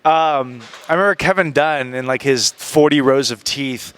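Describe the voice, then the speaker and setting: Animated man with a bright voice. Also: medium pitch, normal speed, slight background noise. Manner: animated, puts on voices of others. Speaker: guest. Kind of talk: casual interview storytelling.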